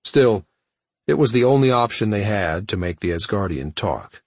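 A man narrating a science fiction audiobook in a steady storytelling manner. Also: on the low side, moderate pace, no room sound. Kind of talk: scripted narration.

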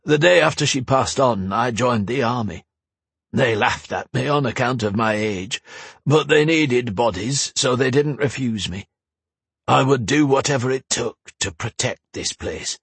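A man's voice: mid-range voice, expressive, a little slow, vocal fry, a bit bright, breathy edge, dry recording, exaggerated voice. A male reader voicing an old northern soldier, plainspoken and folksy, with a rustic northern lilt. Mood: wistful.

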